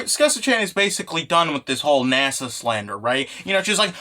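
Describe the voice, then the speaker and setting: A man giving a casual comic recap, excitable and rambling, swearing with lots of fillers. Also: on the high side, a little fast, hardly any pauses. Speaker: manga recap vlogger.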